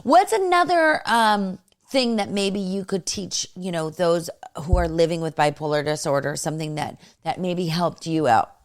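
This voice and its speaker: A woman's voice: fairly low pitch, normal speed, hardly any pauses. A woman podcast host in her thirties, talking casually and rambling with many fillers. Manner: rambling, lots of fillers like "you know". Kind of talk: casual conversational interview.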